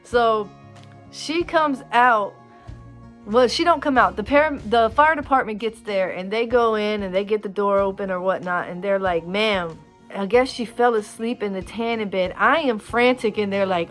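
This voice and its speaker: A woman's voice: mid-range voice, normal speed, faint music behind. A woman casually telling funny personal stories to her viewers, acting out what people said in a raised voice. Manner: animated, acts out quotes in a raised voice. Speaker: storyteller vlogger. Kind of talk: casual storytime chat.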